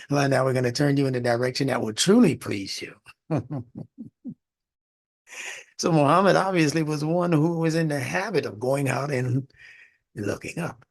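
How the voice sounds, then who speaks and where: A man's voice: medium pitch, moderate pace, pauses often. A man teaching a religious studies class in a lecture, explaining word meanings and asking the class rhetorical questions.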